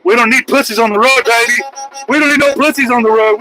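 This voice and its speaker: A man's voice: very high-pitched, fairly even intonation, fast talker, over music, poor audio. Taunting trucker man ranting on a livestream. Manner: taunting, crude, mocking. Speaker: truck driver streaming live. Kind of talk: casual livestream rant. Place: truck cab while driving.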